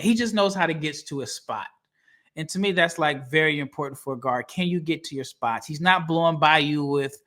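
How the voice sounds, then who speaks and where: A man with a bright, slightly high voice talks through basketball prospects in casual podcast chat. He is animated and laughs easily, and he acts out what other people said. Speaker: podcast co-host, draft analyst. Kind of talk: casual sports podcast talk.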